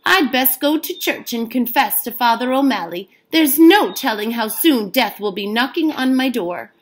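A woman's voice: on the high side, lively intonation, normal speed. A woman voicing a lazy, whining peasant man in a storybook, self-pitying and complaining.

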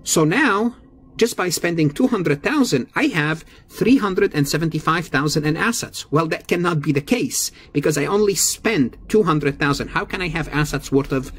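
A man with a slightly husky, higher-than-usual voice teaches an accounting lesson. He walks through each step methodically, repeats the key figures and corrects himself mid-sentence as he goes. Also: lively intonation, normal speed, fairly bright tone. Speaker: accounting instructor. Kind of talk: recorded lecture.

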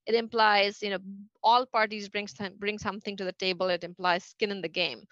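Fast, halting woman guest on a dull call line. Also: mid-range voice, flat delivery, a bit bright, no echo. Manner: fast, halting, many fillers and restarts. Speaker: NASA associate administrator, interview guest. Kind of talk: conversational interview answers.

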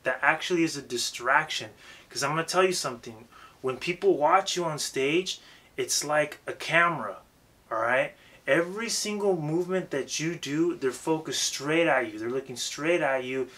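A rap coach gives a casual but emphatic lesson on rapping and stage presence, cursing freely and repeating himself to drive points home. His voice is medium in pitch with a sharp tone.

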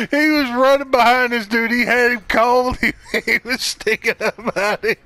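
A man's voice: very high voice, fairly even intonation, moderate pace, pushed and bright. A man gamer in a party chat, laughing often and drawling his words. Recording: noisy game chat audio.

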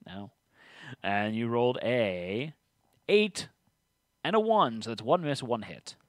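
A man's voice: mid-range voice, expressive, slow pace, no echo, studio quality. A man hosting a tabletop game stream, reading rules aloud and teasing his co-player. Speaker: game host. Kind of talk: casual tabletop game play.

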